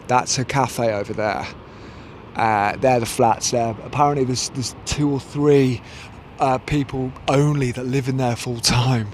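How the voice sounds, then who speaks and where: A man's voice: medium pitch, slight background noise. A man, chatting casually to camera as a vlogger, rambling and correcting himself. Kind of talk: casual vlog chat. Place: outdoors, then inside a parked van.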